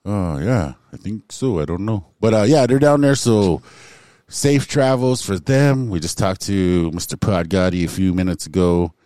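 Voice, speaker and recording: A man co-hosting a casual podcast about recovery, joking loosely with shouted greetings. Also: low-pitched, normal speed, no echo, studio quality. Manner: loud shouted greetings, relaxed joking banter. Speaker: podcast co-host.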